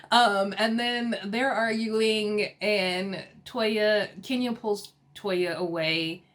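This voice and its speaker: A woman recapping a reality TV episode in a casual, sassy and animated way, with slang and laughter. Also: medium pitch, drawn-out words, long pauses. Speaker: TV episode reviewer.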